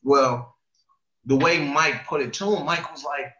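Bright-voiced man telling a story. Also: fairly high pitch, a little slow. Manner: animated storytelling, retells quotes with lots of profanity. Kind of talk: casual chat. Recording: echoey room, dull lo-fi sound.

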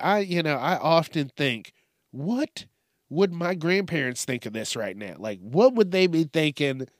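A man's voice: fairly high pitch, no room sound. Male podcast host, young, swearing and ranting through the news, dry booth sound. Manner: profane, ranting, sarcastic. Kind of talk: casual news commentary.

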